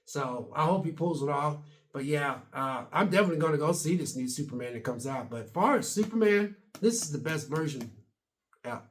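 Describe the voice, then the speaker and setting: A man's voice: on the high side, lively intonation, a little fast. A man in his late fifties or sixties talking casually to camera in a vlog, rambling and chatty, with casual double negatives. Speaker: video blogger.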